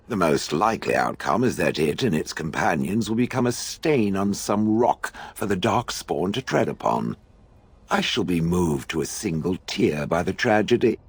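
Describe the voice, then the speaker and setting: A man's voice: deep voice, slightly rough, full character voice. A man voicing a sardonic, disdainful ancient stone golem in video game dialogue, speaking in a dry, mocking, condescending way.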